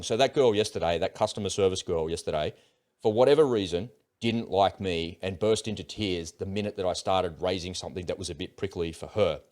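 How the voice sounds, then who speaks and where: A man's voice: low voice, a little mellow. A middle-aged Australian man hosting his own channel, ranting in a blunt, profane, confrontational monologue. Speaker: channel host. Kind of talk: personal rant monologue.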